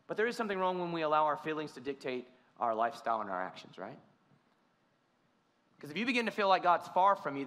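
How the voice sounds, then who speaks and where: A man delivers a sermon in an earnest, conversational way, often restarting his phrases. His voice is a little high for a man and bright, almost forceful. Long reverb from the church sanctuary trails after his words. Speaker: pastor.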